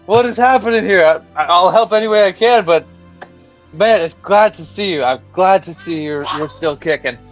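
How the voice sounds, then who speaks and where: A man's voice: sits high, normal speed, faint music behind, natural voice. Blunt, loyal dwarf fighter with a coarse tongue, played by a man, on a muffled lo-fi mic. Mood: hearty. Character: brash male dwarf adventurer, blunt and loyal.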